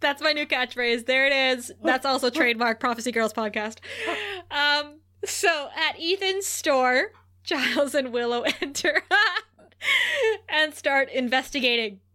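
She is a woman with a high, bright voice, chatting casually as a podcast co-host. She talks in a loose, chatty way and keeps breaking into giggles as she recaps the plot. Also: measured pace. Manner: giggly and chatty, laughs often. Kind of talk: casual episode recap chat.

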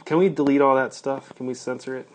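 A man tells a story in loose, rambling podcast chat, full of fillers. His voice sits at an everyday middle pitch. He laughs through his own tale. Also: steady tone, fast. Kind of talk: casual storytelling.

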